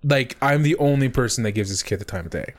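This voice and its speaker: A man's voice: mid-range voice, lively intonation, fast talker. A young man telling a rambling story on a podcast. He swears a lot and often restarts his sentences. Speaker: podcast co-host. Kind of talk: casual storytelling banter.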